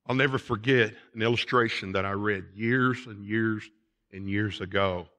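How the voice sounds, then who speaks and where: A man's voice: fairly low pitch, fairly even intonation, normal speed, bright, forceful tone. A man pastor delivering a sermon in a church, emphatic and repeating phrases for stress. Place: church sanctuary.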